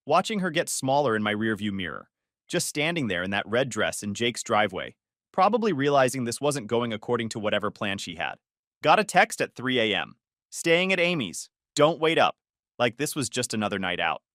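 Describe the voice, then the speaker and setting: A man's voice: medium pitch, fairly bright tone, no echo, clean studio sound. A man narrating a first-person story in a casual, conversational way, with sarcastic asides.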